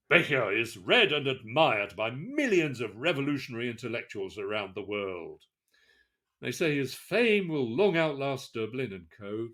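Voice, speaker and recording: Animated male podcast co-host. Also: medium pitch. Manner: animated, with restarts when thinking aloud. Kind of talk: conversational discussion.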